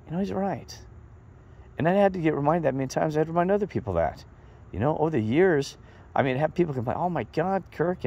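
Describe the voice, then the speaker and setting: A middle-aged man telling a rambling, animated story in a casual monologue to his viewers. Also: medium pitch, vocal fry. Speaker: vlogger.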